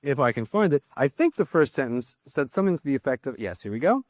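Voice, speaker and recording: A man's voice: medium pitch, fast, dry recording. Guy lecturing a class on philosophy, voice swings up and down a lot, dry sound. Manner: lively, thinks aloud with restarts and asides.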